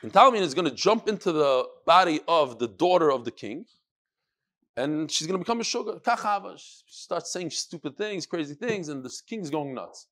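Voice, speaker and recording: Animated man teaching a Talmud class. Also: a little high, normal speed. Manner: animated, dramatizes quotes, mixes in Hebrew and Aramaic terms. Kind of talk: lively Talmud class storytelling.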